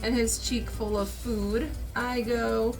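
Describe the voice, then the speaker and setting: A woman's voice: fairly high pitch, level tone, slow, darkish tone, faint music behind, rough recording. A woman chatting playfully while making pancake art at home, teasing and giggling. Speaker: vlog co-host.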